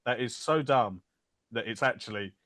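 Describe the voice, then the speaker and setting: A man's voice: medium pitch, moderate pace, a bit bright. A man hosting a casual film podcast, joking around and dropping silly impressions and sing-song bits. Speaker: podcast host.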